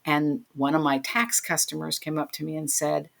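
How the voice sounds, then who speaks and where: A woman's voice: sits low, little pitch movement, moderate pace, gravelly, fairly bright tone. A middle-aged woman, a podcast guest, telling a personal story vividly and emotionally, acting out the voices of the people in it.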